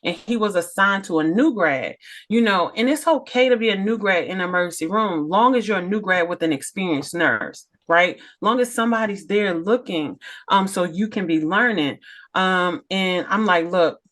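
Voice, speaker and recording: A middle-aged woman, a nurse and business owner, telling stories on a podcast in an emphatic, animated way and acting out the dialogue. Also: fairly low pitch, normal speed. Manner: emphatic, animated storyteller who acts out dialogue. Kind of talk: casual storytelling interview.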